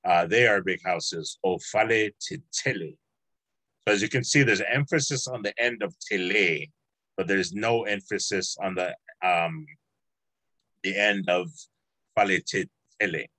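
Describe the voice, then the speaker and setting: Man, low voice, patient teacher, dry close sound, video call. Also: sharp tone, no room sound, poor audio. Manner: patient, encouraging, explains slowly with drawn-out words. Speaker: language teacher. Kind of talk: online language class.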